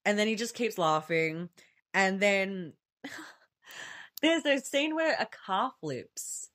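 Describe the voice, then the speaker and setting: A medium-pitched woman speaks slowly and expressively, with a slightly bright tone. She co-hosts a podcast, chatting casually about films, often laughing and swearing freely.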